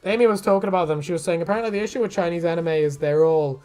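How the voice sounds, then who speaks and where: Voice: mid-range voice, racing, warm tone, faint music behind. A streamer chatting casually while drawing, rambling, swearing freely and laughing often.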